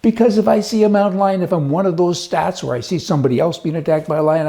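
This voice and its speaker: Gravelly, folksy male news commentator. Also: a little high, fast talker, mellow. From United States. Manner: folksy, emphatic, chatty with asides.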